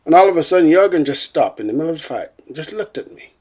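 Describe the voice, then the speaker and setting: A man telling a personal story in an animated, expressive way, his pitch rising and falling widely. His voice has a husky grain. He keeps dropping in "you know" and "bloke" as he goes. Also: fast talker.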